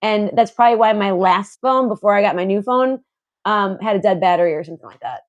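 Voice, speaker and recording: Fast-talking, with a mid-range voice captured in dull audio, a young adult woman co-hosts a casual podcast. She rambles, uses lots of fillers, restarts often, and laughs a good deal.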